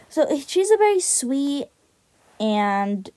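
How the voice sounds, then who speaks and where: Woman, casual rambling commentary, self-deprecating, lots of fillers, slightly high voice, slow unhurried delivery. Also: expressive, dry recording. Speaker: YouTuber describing her drawn cat characters.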